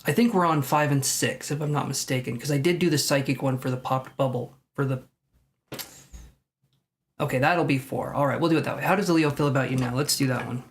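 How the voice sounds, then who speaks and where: A man's voice: mid-range voice, fairly quick, slight background noise. A man reading tarot cards live for viewers, chatting loosely and thinking aloud with self-mocking asides. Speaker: tarot reader.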